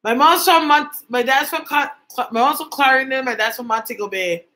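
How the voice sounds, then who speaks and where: A woman's voice: high voice, a little fast, sharp tone, low-quality recording. A young woman from Canada chatting casually with viewers on a livestream as a psychic medium host, reading their comments aloud.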